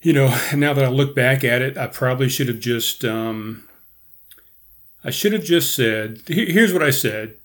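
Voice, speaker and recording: A man's voice: medium pitch, normal speed, a bit bright. A man hosting a podcast as a casual livestream from home, rambling and correcting himself and laughing at his own slips. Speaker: podcast host. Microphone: headphones and camera, live stream.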